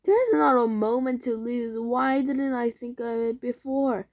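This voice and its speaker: A woman voicing a desperate father fox who shouts high and urgent in a read-aloud storybook. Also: unhurried. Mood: excited. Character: frantic father fox, desperate then triumphant.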